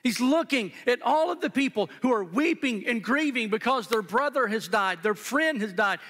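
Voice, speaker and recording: With a very high, expressive voice and a fairly bright tone, a male pastor preaches at a moderate pace, earnestly and emphatically, repeating phrases for weight. The sermon was recorded live in a church sanctuary, where long hall reverb trails his words.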